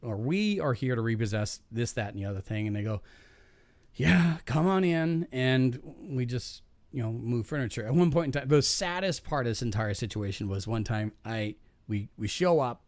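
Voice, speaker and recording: This man hosts a podcast and talks in a mid-range voice at a brisk clip, barely pausing, on a dry recording. His work story is casual and animated, full of swearing and impressions of the people he quotes.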